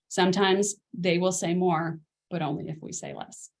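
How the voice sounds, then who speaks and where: A middle-aged woman coaching parents in a relaxed masterclass on a video call, talking through ideas with lots of fillers and "right?" asides. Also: fairly low pitch, normal speed. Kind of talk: casual teaching on a video call.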